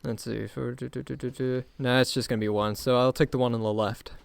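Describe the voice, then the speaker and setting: A man's voice: mid-range voice, fairly even intonation, brisk, creaky, clear, resonant tone, no echo. A man playing a tabletop game, theatrical and playful in his talk. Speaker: player.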